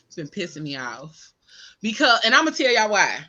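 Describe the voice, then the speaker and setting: A woman co-hosting a casual chat, animated and slangy, repeating herself as she builds up a point. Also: mid-range voice, normal speed, lo-fi sound. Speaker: podcast co-host.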